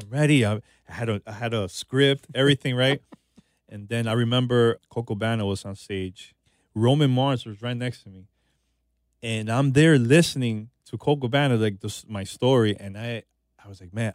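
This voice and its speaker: Relaxed man telling stories, dry close sound. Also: medium pitch, no echo. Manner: relaxed, says "man" and "you know" often. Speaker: podcast host being interviewed. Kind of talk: casual conversational storytelling.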